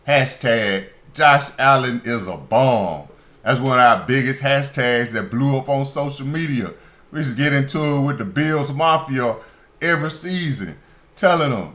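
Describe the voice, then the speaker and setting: A man with a medium-pitched, sharp-toned voice hosts a sports talk radio show, speaking at a measured pace with lively intonation. His opinionated monologue is emphatic and climbs into heated indignation.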